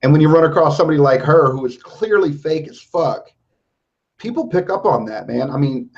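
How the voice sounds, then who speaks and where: A man's voice: on the high side, animated, fairly quick. Blunt, foul-mouthed man on a dull recording. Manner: blunt and heavily profane. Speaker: podcast host. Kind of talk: casual chat.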